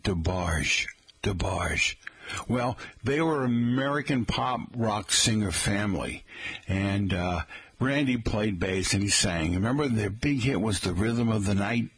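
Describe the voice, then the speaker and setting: A man's voice: medium pitch, a bit bright, slightly rough, no echo. A middle-aged man hosting a radio talk show, chatting in a folksy, rambling way and often addressing listeners as folks. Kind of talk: casual radio chat.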